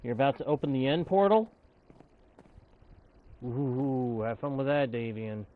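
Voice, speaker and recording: A man live-streaming a game and chatting with his viewers, shifting into high excited bursts when he greets them and putting on mock outrage over small mistakes. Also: measured pace, narrow, tinny audio. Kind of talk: live gameplay chat with viewers.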